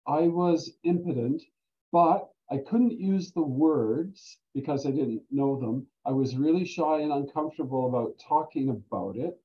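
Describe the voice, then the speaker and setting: An older man telling stories in casual talk as a guest speaker, animated and quick to laugh. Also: on the high side. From Canada. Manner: animated storyteller who laughs often. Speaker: guest speaker, volunteer standardized patient. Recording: dull lo-fi recording.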